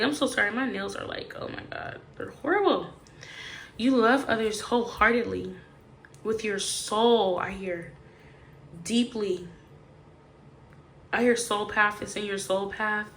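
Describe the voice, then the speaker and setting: A woman's voice: mid-range voice, fairly even intonation, moderate pace, a bit bright, a little hiss or hum. A woman giving a casual, chatty tarot reading straight to the viewer, emphatic and full of slangy asides. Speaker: tarot reader.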